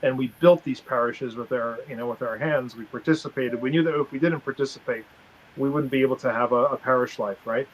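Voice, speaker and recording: A man's voice: medium pitch, a little fast, rough recording. A man speaking earnestly in a casual interview, often tagging his points with "right?". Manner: earnest, tags statements with "right?".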